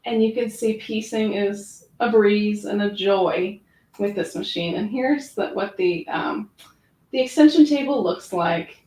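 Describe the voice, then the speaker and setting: A woman's voice: medium pitch, measured pace, darkish tone. A woman giving a chatty, hands-on demonstration of a sewing machine, narrating her own actions with lots of fillers. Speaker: product demonstrator. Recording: roomy echo.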